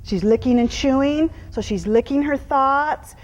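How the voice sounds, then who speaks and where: A middle-aged woman with a somewhat high voice teaches a live horse-training clinic in an arena, explaining each step calmly, patiently and unhurriedly. She breaks into soft praise and hushed whispers to the horse. The audio is dull with a long reverb tail.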